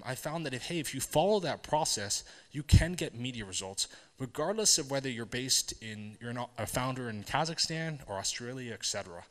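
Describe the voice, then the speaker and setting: A man with a mid-range voice tells stories from the stage of a tech event. He talks to the audience conversationally, asks them questions and checks in with a quick "right?". The sound carries a long hall reverb. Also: medium pitch, a bit bright. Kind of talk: storytelling conference talk.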